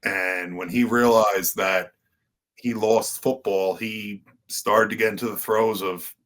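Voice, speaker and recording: A man's voice: lowish voice, steady tone, unhurried, fairly bright tone. A man, a podcast guest and wrestler, telling his story in earnest conversational style with many fillers and restarts.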